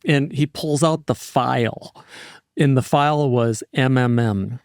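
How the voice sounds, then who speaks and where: A man in his fifties speaks as an interview guest, tumbling from one example into the next with restless energy. His voice is smooth and resonant at a middle pitch. It is recorded dry and close, with no room sound. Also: measured pace, dry recording. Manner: energetic, rambling, digressive storyteller. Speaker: market strategist guest. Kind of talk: casual interview talk.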